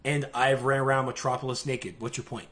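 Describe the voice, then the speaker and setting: A man's voice: medium pitch, fairly even intonation, brisk, a bit bright. A man with a Southern US accent hosting a casual gaming podcast, chatty and sometimes mumbling. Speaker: podcast host. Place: live-streamed podcast.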